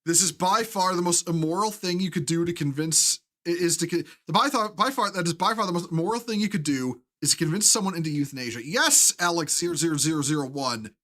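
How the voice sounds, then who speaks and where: A live-stream host from the United States delivers a heated rant full of profanity, stopping and restarting often. He speaks with a fairly high pitch and a sharp tone.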